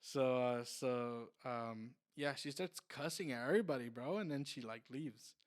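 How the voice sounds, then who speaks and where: A man's voice: medium pitch, normal speed. A young man, a car salesman on a podcast, telling a long story casually, with lots of fillers and restarts. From Mexican heritage.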